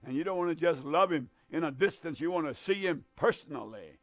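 A man preaching with a drawl, hammering his points with drawn-out, repeated stresses. His voice is gravelly and sits a little high for a man. The sound is close and dry, with no room around it. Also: lively intonation, dry recording. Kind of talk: fervent sermon.

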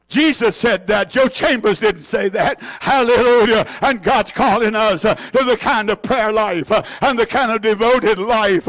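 Preacher, older man, high-pitched, hallelujah-shouting, shifts between loud and hushed. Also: measured pace. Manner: fiery, swings from shouts to hushed low lines; exclaims hallelujah often. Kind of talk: sermon.

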